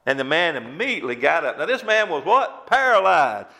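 A man's voice: a little high, sing-song, fairly quick, creaky, bright, forceful tone, big-room sound. A middle-aged man preaching a sermon emphatically, asking his listeners rhetorical questions.

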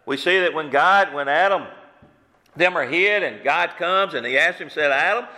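Fervent high-voiced male preacher. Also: moderate pace, bright, forceful tone, big-room sound. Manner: fervent, repeated rhetorical questions. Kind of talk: sermon. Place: church sanctuary.

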